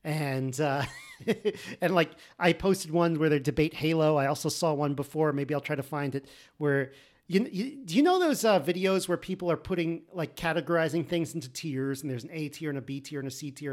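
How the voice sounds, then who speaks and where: A man's voice: fairly high pitch, brisk. A man in casual conversation as a podcast co-host, often restarting and searching for words.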